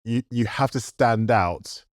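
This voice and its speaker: A man's voice: mid-range voice, slow pace, dry recording, clean studio sound. A man in casual chat as a podcast co-host, reflective, picking up speed when he makes a point.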